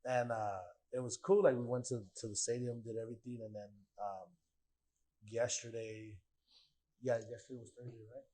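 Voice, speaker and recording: A man's voice: medium pitch, fairly even intonation, moderate pace, warm tone. A young man casually telling a story on a podcast, full of slang and profanity and acting out other people's voices. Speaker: podcast guest.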